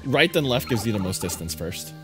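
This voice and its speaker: A woman's voice: rumbling low, very animated, a little fast, over loud music. A young adult woman chatting playfully and giggling while co-hosting a video game let's play. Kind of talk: casual gaming chat.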